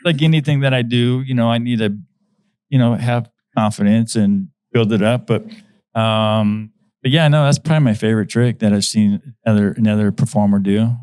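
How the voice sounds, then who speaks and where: A man's voice: fairly low pitch, steady tone, normal speed, darkish tone, clean tone, no room sound. A man, a magician guest in a casual podcast chat, talking hesitantly with many fillers and restarts.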